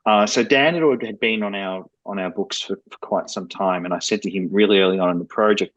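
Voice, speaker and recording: A low-voiced man speaks as a game developer guest on a podcast and candidly explains his work at length. His voice is dry and close, and the audio sounds dull and lo-fi. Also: fast, hardly any pauses, a bit bright, dry recording. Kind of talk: podcast interview.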